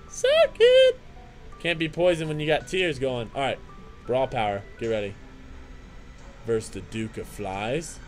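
A young man hosting a let's play, commenting on his game with excitable trash talk, jokey asides and sing-song chanting. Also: medium pitch, moderate pace, faint music behind. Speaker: gaming channel host.

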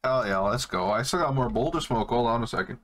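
A man's voice: mid-range voice, animated, fast, a bit bright. A young man streaming a game, chatting casually to his viewers and swearing freely. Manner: laid-back, swears a lot, talks to viewers. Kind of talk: casual live-stream chat while playing.

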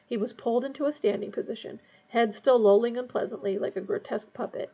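Woman reader, novel aloud, high and gravelly, dull lo-fi sound. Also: fast, warm tone. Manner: casual recap before reading.

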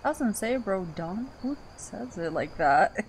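Excitable woman playing a horror game. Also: medium pitch, normal speed, slight background noise. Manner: excitable, swings from mutters to shrieks, laughs often. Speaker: gaming channel host. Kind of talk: horror game let's play commentary.

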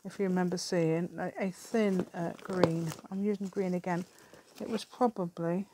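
A middle-aged woman with an English accent talks to her table camera while she crafts, her voice sitting slightly low. She rambles and thinks aloud, often breaking into a laugh between thoughts. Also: fairly even intonation, moderate pace, background noise. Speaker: craft vlogger. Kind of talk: casual chat while crafting.

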